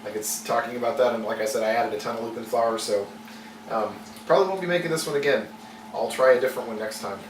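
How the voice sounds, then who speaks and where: Man, cooking channel host, mid-pitched and casual, rambling delivery, roomy distant mic. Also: quick pace. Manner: relaxed and rambling, many fillers and restarts. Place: home kitchen. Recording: echoey kitchen, mic at a distance, audible noise.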